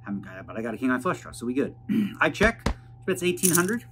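A man's voice: medium pitch, very animated, fast talker. Chatty man vlogging over background noise. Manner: chatty, rambling hand breakdowns with poker jargon. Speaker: poker player vlogger. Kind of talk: casual vlog narration. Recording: noisy background.

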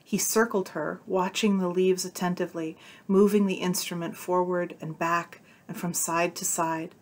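Female narrator with a lowish voice; reads fiction aloud, voicing characters lightly. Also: little pitch movement, moderate pace. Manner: voices the characters' dialogue with shifts of tone. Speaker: narrator reading a short story aloud. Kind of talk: audiobook-style story reading.

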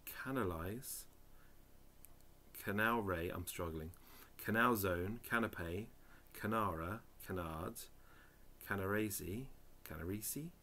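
A man's voice: sits low, slow, pushed and bright, a little hiss or hum. A man reading dictionary headwords aloud one by one, adding muttered, dry asides. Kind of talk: casual reading of word lists.

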